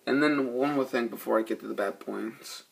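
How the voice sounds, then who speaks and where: A man's voice: medium pitch, moderate pace, vocal fry, slightly rough. A man giving a rambling, profane, laid-back spoken movie review. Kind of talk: casual spoken film review.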